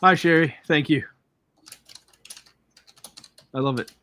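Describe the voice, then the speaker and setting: A man's voice: fairly high pitch, quick pace, sharp tone. A man co-hosting a casual livestream chat, easygoing and joking.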